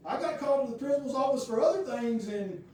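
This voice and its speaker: A man's voice: extremely high pitch, quick pace, a little mellow, far from the mic, a little hiss or hum. A male pastor, telling a personal story in a folksy, rambling, conversational sermon. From United States. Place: church sanctuary. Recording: very echoey room heard from afar.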